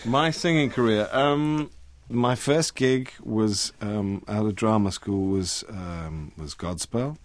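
A middle-aged British actor chatting as an interview guest, warm and rambling with frequent restarts. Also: male voice, fairly low pitch, slow pace, dry recording. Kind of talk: interview chat.

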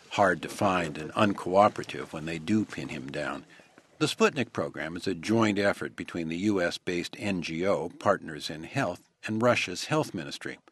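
A male radio reporter giving measured, descriptive scripted news narration. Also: low-pitched, a bit bright.

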